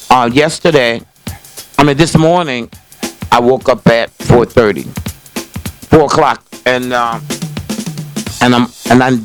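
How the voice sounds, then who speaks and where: An older man hosts a small call-in talk show, speaking casually and folksily straight to camera. His voice sits at an ordinary middle pitch, and he rambles with frequent restarts and "you know"s. Faint music hums somewhere underneath. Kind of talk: casual rambling monologue to viewers. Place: small indoor set filmed by a cameraman.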